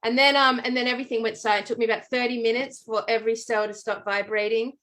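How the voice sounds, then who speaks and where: A woman telling a long personal story in casual chat, animated and full of "like" and "um". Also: a little high, quick pace. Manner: animated storytelling with many fillers. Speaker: podcast co-host.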